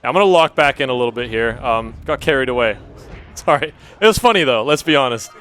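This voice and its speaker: A man's voice: medium pitch, animated, fairly quick, fairly bright tone, faint music behind. A man speedrunning at a live marathon, chatting casually and laughing at himself while he plays. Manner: laughing, self-deprecating, chatty. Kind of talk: casual live gameplay commentary. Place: event venue.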